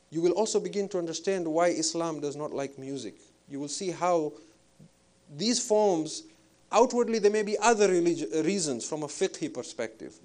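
A man giving an Islamic spiritual lecture in a measured, reflective way, pausing with fillers as he thinks. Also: fairly high pitch, dark tone. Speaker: Islamic preacher.

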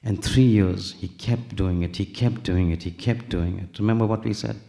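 A man's voice: low-pitched, moderate pace, vocal fry, warm tone. A man preaching a sermon, telling a story with acted dialogue, rising to emphatic peaks.

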